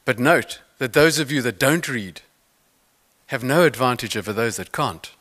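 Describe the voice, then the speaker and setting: A man's voice: mid-range voice, normal speed. A man giving a keynote talk on mental toughness, telling stories with playful asides to the audience. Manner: animated storytelling with playful asides. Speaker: motivational speaker.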